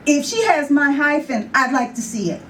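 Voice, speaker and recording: Slow, high-voiced New York poet, storytelling live, mic some distance away with faint room noise. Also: female voice, lively intonation, a bit bright. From New York City. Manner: storytelling with acted voices and laughter. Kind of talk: live poetry reading. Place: bar with live audience.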